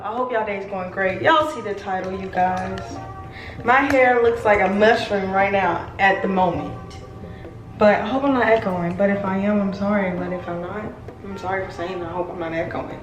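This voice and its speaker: A woman's voice: mid-range voice, moderate pace, music in the background. Chatty young woman vlogging in an echoey room. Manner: chatty, playful, rambling asides. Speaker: beauty vlogger. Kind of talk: casual hair tutorial vlog.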